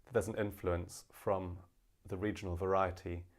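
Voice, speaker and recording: A man teaching a casual language lesson, explaining with many fillers and slowing down to demonstrate pronunciations. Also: sits low, little pitch movement.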